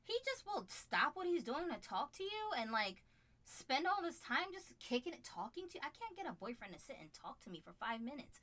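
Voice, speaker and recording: A woman co-hosting a casual live chat, animated and quick to act out other people's voices. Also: sits high. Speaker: co-host.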